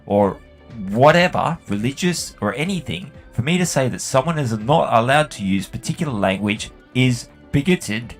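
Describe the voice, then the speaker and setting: A man's voice: mid-range voice, animated, moderate pace, faint music behind. A man telling a long, profane story about work while he plays a game. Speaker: gaming channel host. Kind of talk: rambling anecdote while playing a game.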